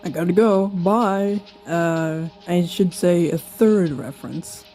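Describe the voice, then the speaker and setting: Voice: medium pitch, mellow, soft background music. A young author reading an old story of their own aloud, breaking off for giggly, self-mocking asides. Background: slowed-down song.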